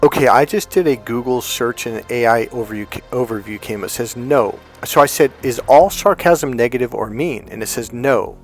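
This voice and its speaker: A man's voice: mid-range voice, moderate pace, hardly any pauses, soft background music. A man giving a casual motivational talk as a relationship coach, retelling conversations in a chatty, conversational way. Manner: conversational, retells exchanges in quoted dialogue.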